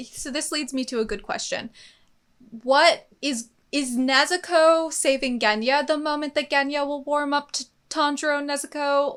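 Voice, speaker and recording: Chatty young woman, slightly high voice. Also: fairly bright tone. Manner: enthusiastic, thinks aloud with fillers. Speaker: co-host of an anime reaction channel. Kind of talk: casual discussion.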